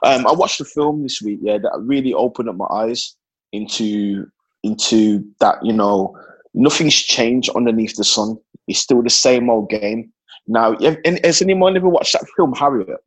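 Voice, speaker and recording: A man in casual podcast chat, talking in an earnest, halting way with many repeated words. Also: medium pitch, breathy edge, low-quality recording. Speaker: podcast co-host.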